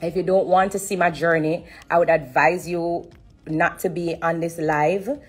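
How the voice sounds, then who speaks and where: A woman with a low, husky voice shares her testimony on a live stream. She speaks earnestly and in repeated phrases, stopping now and then to steady herself against tears. Faint music plays behind her. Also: a little slow. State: holding back tears. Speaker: singer sharing a personal testimony.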